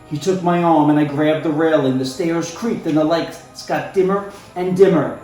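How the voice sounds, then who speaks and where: A man reading a storybook aloud in an expressive, playful way, talking to the listener now and then. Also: a little high, normal speed, hardly any pauses. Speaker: storybook reader. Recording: very echoey room, faint music.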